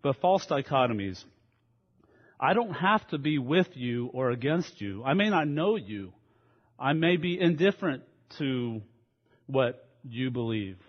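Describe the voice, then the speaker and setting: A man's voice: medium pitch, expressive, measured pace. A man preaching a sermon in a church, opening with an earnest prayer and then explaining ideas in a conversational way. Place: church sanctuary. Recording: echoey hall, dull lo-fi sound.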